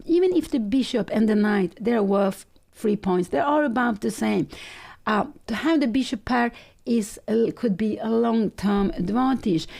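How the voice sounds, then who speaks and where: Gravelly-voiced woman commentating chess. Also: a little high, unhurried, darkish tone. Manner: analytical, thinking aloud with frequent self-corrections; non-native English phrasing. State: slightly rough early-morning voice, clearing throat.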